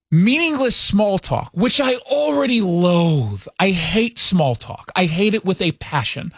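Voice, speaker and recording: Sarcastic male host from New York, animated, exasperated rant, dry close sound. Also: high-pitched, dry recording. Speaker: radio and TV host. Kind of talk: casual on-air chat.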